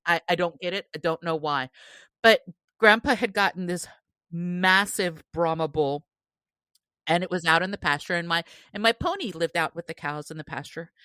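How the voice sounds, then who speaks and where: A woman co-host tells a story with plenty of energy and laughter. Her voice is bright and forceful, recorded close and dry. She breaks into shouted quotes now and then. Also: fairly low pitch, normal speed, dry recording. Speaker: podcast co-host. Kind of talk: animated storytelling.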